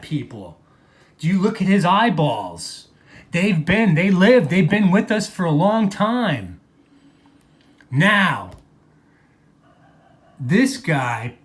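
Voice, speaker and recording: A man delivering an angry, profane vlog monologue, mocking people and repeating phrases for emphasis. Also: high voice. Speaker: video blogger.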